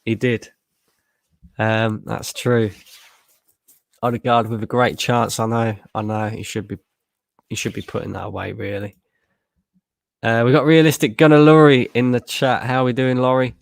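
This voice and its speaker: Male streamer, young, gravelly and lowish, casual and sweary, dry close mic. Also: fairly even intonation, normal speed, pauses often, no echo. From Lincolnshire, England. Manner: casual, sweary, laughs a lot, reads chat aloud. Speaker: football watchalong streamer. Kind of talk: live stream reaction, reading chat.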